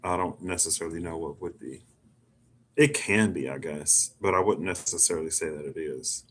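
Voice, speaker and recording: A man's voice: low voice, moderate pace, a bit bright, slight background noise. A man doing a casual self tarot reading, musing and rambling with lots of "like". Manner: musing, rambling, chatty with filler "like". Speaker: tarot reader.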